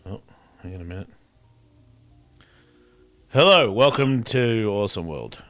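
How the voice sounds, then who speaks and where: A man's voice: lowish voice, animated, measured pace, fairly bright tone, no echo, faint music behind. A man hosting a radio talk show, musing candidly in a rambling way with lots of fillers and restarts. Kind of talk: reflective casual monologue.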